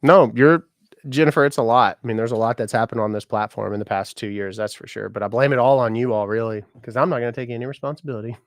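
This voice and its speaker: A man's voice: mid-range voice, fast, no echo, studio quality. A man in his thirties, a musician and content creator, chatting casually on a live stream, joking, laughing and greeting viewers by name. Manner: chatty, jokey, speaks to viewers by name, laughs often, swears.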